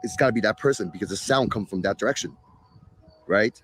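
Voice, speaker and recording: A man's voice: lowish voice, fast, fairly bright tone, slight background noise. A man hosting a live stream, talking casually to viewers in a sarcastic, exasperated rant. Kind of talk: ranting casual talk to viewers.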